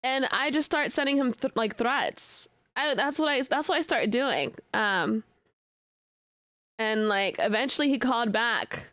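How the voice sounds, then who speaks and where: A young woman streamer chats casually with her viewers, playful and prone to mock outrage. Her voice sits high, and the sound is dry and close, with no room echo. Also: measured pace, a bit bright. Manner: chatty and playful, with bursts of laughter and mock outrage; many fillers and restarts. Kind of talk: casual chat reacting to live chat.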